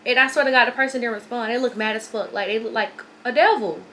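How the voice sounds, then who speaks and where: A young woman vlogger telling a long, rambling story while doing her hair at home, repeating herself and talking in an animated way. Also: fairly high pitch, fast talker, slight background noise. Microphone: phone or camera on a stand.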